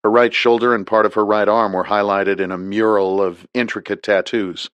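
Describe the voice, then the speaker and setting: A man narrates an audiobook with a very low voice, reading in a steady, measured way. The sound is dry and close, with no room around it. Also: clean tone, no echo, muffled recording.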